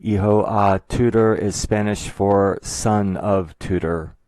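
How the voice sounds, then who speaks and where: A man narrating a scripted explanatory video in a measured, methodical way. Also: on the low side, steady tone, darkish tone, dry recording. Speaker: video essayist.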